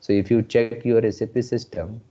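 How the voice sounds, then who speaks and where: A man with an Indian English accent teaching a live online class, slowly repeating his phrases. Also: fairly low pitch, steady tone, mellow. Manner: slow, repeats phrases often. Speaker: instructor. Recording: muffled lo-fi audio.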